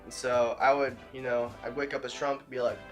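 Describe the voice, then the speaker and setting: A man's voice: medium pitch, little pitch movement, a little fast, faint music behind. A young man hosting a casual podcast chat, rambling with lots of fillers and frequent laughter. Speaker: podcast host.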